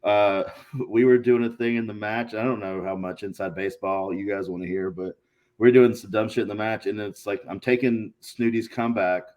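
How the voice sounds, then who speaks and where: Profane, animated man telling stories. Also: fairly low pitch, normal speed. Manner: profane, animated, acts out quotes. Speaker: guest, pro wrestler. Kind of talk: casual podcast storytelling.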